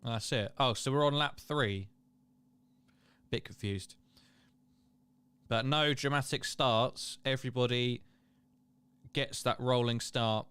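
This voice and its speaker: A man's voice: medium pitch, steady tone, slow, pauses often, a bit bright, smooth, no room sound. A man hosting a casual live watchalong, chatting and reading viewer comments aloud. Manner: chatty, reads chat aloud, laughs and exclaims. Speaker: livestream host.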